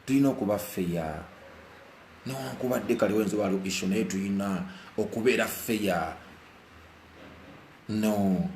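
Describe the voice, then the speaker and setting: Indoors as rain falls outside, a Ugandan vlogger gives emotional live commentary, mixing Luganda and English and passionately repeating phrases. His voice is fairly low and darkish, at a moderate pace with frequent pauses. The room echoes, and there is slight background noise.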